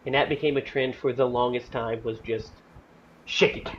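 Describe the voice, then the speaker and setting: A man hosting a podcast, chatting casually and excitedly about a film, rambling with lots of fillers. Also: medium pitch, moderate pace, dull audio, slight background noise. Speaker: podcast host. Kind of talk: casual movie review chat.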